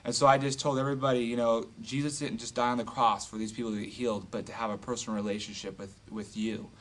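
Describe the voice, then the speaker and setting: A man casually retelling a healing story as an evangelist, animated and full of fillers. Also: mid-range voice, fast. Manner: animated, filler-heavy retelling with acted quotes. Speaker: street evangelist telling a testimony.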